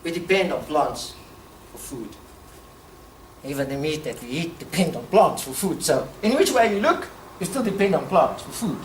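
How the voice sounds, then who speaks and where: A woman from Africa, giving a passionate public talk, emphatic and quick to laugh. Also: low-pitched, a little hiss or hum. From South Africa. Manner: animated, emphatic, laughs often. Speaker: speaker at a talk. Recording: echoey room, distant mic, faint ambience.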